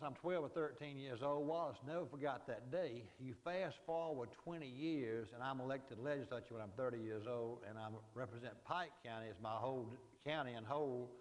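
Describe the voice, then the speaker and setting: A man's voice: mid-range voice, big-room sound, rough recording. Folksy older Southern man telling stories. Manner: folksy, anecdotal, frequent "you know". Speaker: guest speaker. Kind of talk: storytelling lecture. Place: lecture hall.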